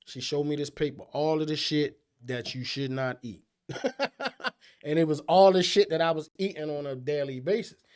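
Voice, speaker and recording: A man, co-hosting a casual chat, profane and animated with loud outbursts. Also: a little high, moderate pace, smooth. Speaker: podcast co-host.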